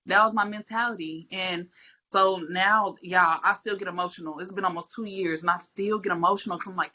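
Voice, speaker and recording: A woman's voice: lowish voice, steady tone, a little fast, bright, forceful tone. Emphatic preachy woman. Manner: emphatic and preachy, repeats phrases for stress. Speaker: podcast panelist. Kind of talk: casual faith talk. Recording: muffled lo-fi audio.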